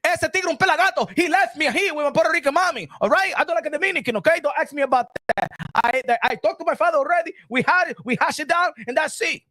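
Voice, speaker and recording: A man's voice: extremely high pitch, quick pace, hardly any pauses, pushed and bright, dry recording, voice pushed up. A man imitating a heated, defensive Puerto Rican male boxer who speaks English with a Spanish accent.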